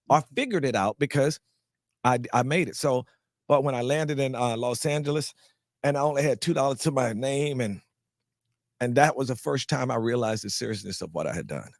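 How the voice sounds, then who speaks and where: A man from North Carolina tells his story at a rapid clip, acting out the voices of people he met. He often stumbles and repeats words as he restarts a thought. His voice is close and dry, with no room sound around it. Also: medium pitch, no room sound. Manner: animated storyteller who acts out quoted people. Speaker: actor guest. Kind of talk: storytelling in a live interview.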